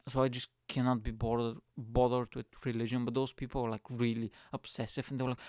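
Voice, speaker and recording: A young man hosting a podcast, ranting in a profane, animated, casual comic style. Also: medium pitch, brisk, gravelly, no echo, studio quality. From Bulgaria. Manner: profane, animated, lots of fillers. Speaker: podcast host.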